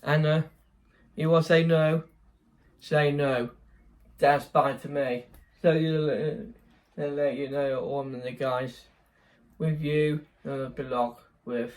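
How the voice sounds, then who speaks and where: A man's voice: a little high, fairly even intonation, slow pace. A young man chatting casually in a vlog, rambling, correcting himself and laughing often. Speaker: vlogger.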